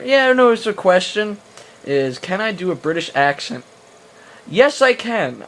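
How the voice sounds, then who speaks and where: A man's voice: a little high, a bit bright, slight background noise. A young man answering viewer questions in a casual vlog, rambling with many fillers and restarts, joking in a crude, self-mocking way, recorded on a camera he holds himself. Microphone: handheld camera mic.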